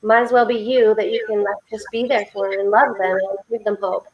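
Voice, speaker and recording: A woman's voice: medium pitch, fairly even intonation, fairly quick, muffled recording. A woman co-hosting a faith-based livestream chat, telling heartfelt stories in an earnest, preaching way over a video call. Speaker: co-host of a faith support livestream.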